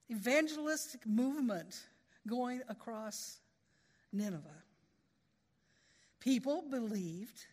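A woman's voice: high-pitched, in a large hall. A woman preaching a sermon in a folksy, conversational way, with storytelling asides.

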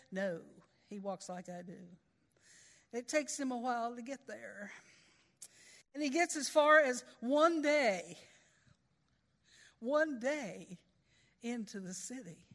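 A woman's voice: a little high, a bit bright, long reverb tail. A woman preaching a sermon in a folksy, conversational way, with storytelling asides.

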